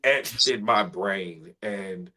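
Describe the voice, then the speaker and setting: Telling a heartfelt personal story, this male spoken word artist stays earnest and sometimes drops to a soft voice. He speaks low, drawing out his words, and the audio quality is poor.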